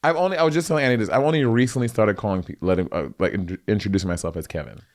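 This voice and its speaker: A man's voice: lowish voice, rapid-fire. Chatty man in his thirties, laughing. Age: 30s. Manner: chatty, laughs often, animated asides. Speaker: podcast co-host. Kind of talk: casual chat.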